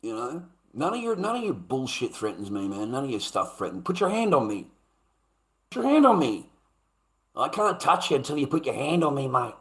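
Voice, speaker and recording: A man's voice: mid-range voice, a bit bright. Man, channel host, livestream rant, confrontational, sarcastic, swearing, repetitive.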